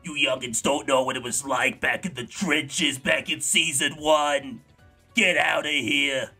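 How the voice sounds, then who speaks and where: A man's voice: mid-range voice, steady tone, pushed and bright, slightly rough, soft background music, full character voice. Man putting on a drawling cranky old grandma. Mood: boastful. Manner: slow, drawling, scolding. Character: cranky old grandma, bossy, gatekeeping veteran gamer.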